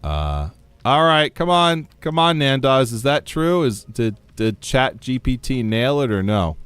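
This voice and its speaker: A man's voice: medium pitch, very animated, a little slow, a bit bright, smooth, dry recording, soft background music. A man from the United States streaming a game, chatting casually, reading chat aloud and laughing often.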